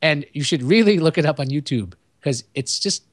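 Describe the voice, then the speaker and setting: A man co-hosting a podcast, chatting casually about movies in a rambling, profane, animated way. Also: fairly high pitch, normal speed, no echo, clean studio sound. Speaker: podcast co-host.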